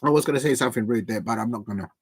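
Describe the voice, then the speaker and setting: A man hosting a live football watch-along from home, chatting in a rambling, hesitant way with lots of fillers and restarts and giving shout-outs to viewers. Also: medium pitch, very fast, slight background noise. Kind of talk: casual live match commentary.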